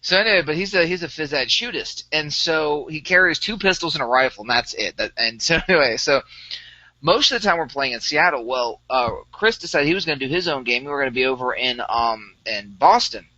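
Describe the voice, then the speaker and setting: A young man co-hosting a podcast chats casually about tabletop games, rambling through a gaming story with lots of fillers. His voice is on the high side, a bit fast, pushed and bright, with lively intonation. The sound is lo-fi and dry, with no room sound.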